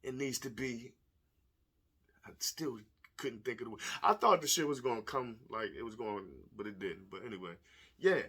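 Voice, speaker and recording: A man giving blunt, profane, animated commentary to the camera, telling stories and speaking plainly as a stepfather. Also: medium pitch, moderate pace, slightly rough. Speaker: vlogger. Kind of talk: casual commentary video.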